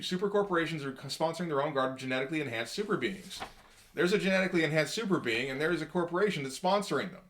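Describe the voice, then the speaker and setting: A man casually talking through a comic book page by page in a halting, rambling way, with wry asides. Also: fairly high pitch, a bit bright.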